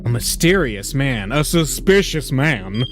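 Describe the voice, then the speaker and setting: A man's voice: medium pitch, very animated, unhurried. Man, let's play host, reading game text aloud, jokey asides, faint music behind. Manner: casual, jokey asides between narration. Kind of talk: reading a visual novel aloud with commentary.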